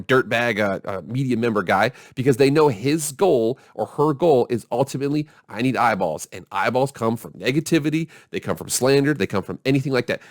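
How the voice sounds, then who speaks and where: A man's voice: mid-range voice, no echo, clean studio sound. A man hosting his own sports video channel, talking in a casual, blunt and ranting way. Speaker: YouTube sports channel host. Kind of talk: casual vlog commentary.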